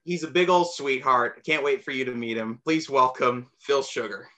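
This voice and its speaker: A man's voice: mid-range voice, moderate pace, sharp tone. A man hosting a storytelling show, introducing the next guest. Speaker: host.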